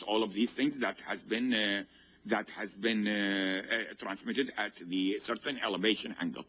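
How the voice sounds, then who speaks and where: A man's voice: mid-range voice, fairly bright tone, husky. A male university professor giving a classroom lecture, constantly asking the students to fill in the answer and checking whether they follow. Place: lecture hall.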